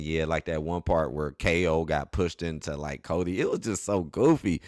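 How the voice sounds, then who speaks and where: A man's voice: rumbling low, lively intonation, moderate pace, few pauses, a little mellow, no echo, clean studio sound. A man reviewing a wrestling show in a casual, blunt way, repeating himself for emphasis. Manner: blunt, repetitive, laughs at moments.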